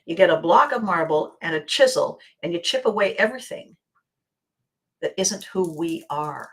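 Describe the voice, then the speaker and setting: A woman hosts her own podcast in a reflective, motivational monologue. She lingers over her phrases and leaves dramatic pauses. At times her voice sinks to a near-whisper for emphasis. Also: lowish voice, expressive, a bit bright. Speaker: podcast host.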